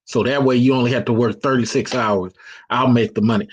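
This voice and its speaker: Hosting a live call-in show, a man dishes out blunt, preachy dating advice in casual slang, restarting often and reading out chat comments. His medium-pitched voice is husky and steady, and he speaks a little fast.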